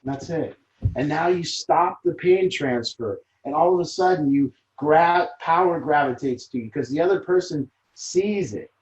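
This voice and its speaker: A man's voice: a little high, a little slow, darkish tone, dull audio. Earnest man leading a recovery group. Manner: earnest, emphatic, repeats phrases. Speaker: group leader.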